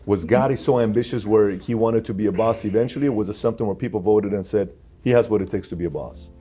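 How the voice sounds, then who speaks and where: Low-voiced man asking questions. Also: dark tone, breathy edge. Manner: halting, rephrases questions. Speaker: interview host. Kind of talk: interview questions.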